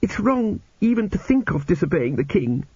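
A man voicing a timid young woman prisoner, hushed. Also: high voice, very animated, moderate pace, husky, dry recording, voice pushed up, exaggerated voice. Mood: fearful. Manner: hushed, fearful and obedient. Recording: dull lo-fi audiobook recording.

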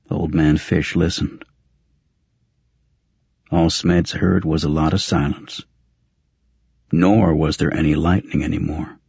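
Male audiobook narrator: deep, husky, slow and steady; dry, slightly dull recording. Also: no echo. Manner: steady, measured storytelling. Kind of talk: scripted fiction narration.

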